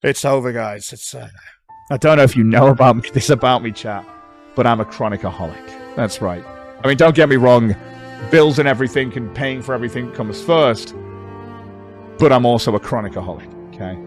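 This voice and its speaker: A man's voice: mid-range voice, brisk, soft background music. A British man on a livestream, talking back at posts he reads aloud in a sarcastic, sweary way. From Britain. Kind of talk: casual livestream commentary.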